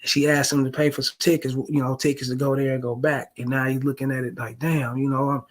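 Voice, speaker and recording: A man's voice: mid-range voice, level tone, fast. A man giving casual reaction commentary on dating, slangy and emphatic, who keeps calling his listeners fellas and bro.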